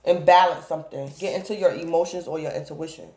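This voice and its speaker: A woman's voice: low-pitched, fairly even intonation, fast, warm tone, echoey room. A woman giving a casual tarot reading, rambling and repeatedly calling out to her viewers by the same phrase. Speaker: tarot reader.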